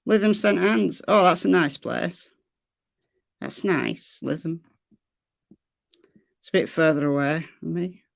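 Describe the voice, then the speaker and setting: A woman's voice: fairly low pitch, takes it slowly, vocal fry, long pauses, no room sound. Woman host with a Lancashire accent, chatty and repetitive, dry close-mic sound. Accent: Lancashire English. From Lancashire, England. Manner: chatty, repeats phrases, reads chat aloud. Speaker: true crime livestream host. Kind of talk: casual livestream chat answering viewers.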